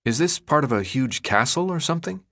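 A man's voice: a little high, expressive, brisk, fairly bright tone, no room sound, clean studio sound, voice pushed up. A man voicing a curious, frustrated teenage boy who speaks in edgy, questioning tones in a storybook reading.

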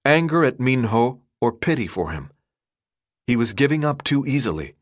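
Steady and measured, a fairly low-pitched man narrates an audiobook. The studio-quality recording carries no echo.

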